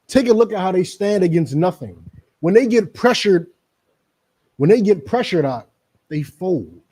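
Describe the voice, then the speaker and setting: A man's voice: high voice, animated, measured pace, warm tone, breathy edge. A middle-aged man giving emphatic, repetitive, lecturing commentary in a preaching style, addressing the people around him by name. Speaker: religious group speaker on a radio show.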